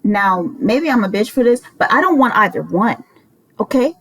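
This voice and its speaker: A woman's voice: mid-range voice, sing-song, moderate pace, fairly bright tone, poor audio. A woman in her twenties telling a roommate story in a casual, rambling way, exasperated and swearing freely. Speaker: vlogger.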